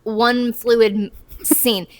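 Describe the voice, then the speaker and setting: A woman's voice: a little high, level tone, extremely slow. A woman in her thirties co-hosting a podcast, chatting casually and giggling as she trails off mid-sentence. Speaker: podcast co-host. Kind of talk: casual chat recapping a movie.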